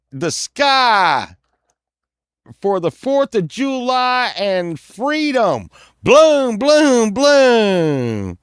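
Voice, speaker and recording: A man playing a rowdy 1970s man celebrating the Fourth of July, boisterous and loud. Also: clean tone, dry recording, studio quality, heavily acted. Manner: boisterous, shouting boom sounds.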